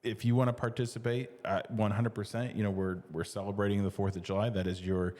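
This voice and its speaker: A man's voice: on the low side, flat delivery, quick pace, darkish tone, long reverb tail. A middle-aged man co-hosting a casual talk show, talking in loose restarts with lots of fillers and easy laughs. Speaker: podcast co-host. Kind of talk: casual conversation.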